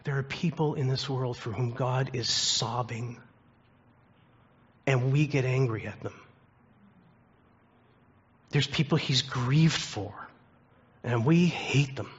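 Husky-voiced man preaching a sermon. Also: mid-range voice, highs cut off. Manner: earnest storytelling, slowing for emphasis. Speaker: pastor.

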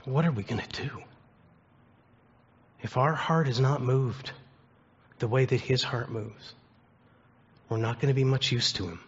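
A man preaching in an earnest, storytelling way, leaning into key phrases by slowing down. His voice sits at a middle pitch with a husky edge. The recording sounds a little dull and lo-fi. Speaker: pastor. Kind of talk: sermon.

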